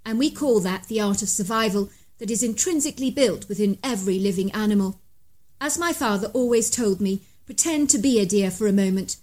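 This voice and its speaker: Woman reading a spooky bedtime story, medium pitch, leans in on the tense bits. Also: darkish tone. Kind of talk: scripted narration of a bedtime story.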